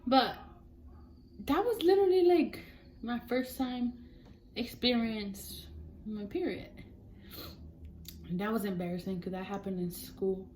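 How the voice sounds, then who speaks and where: A woman's voice: fairly high pitch, measured pace, long pauses, a little mellow, a little hiss or hum, poor audio. A young woman telling a chatty storytime vlog, acting out her family members' voices as she goes. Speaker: vlogger.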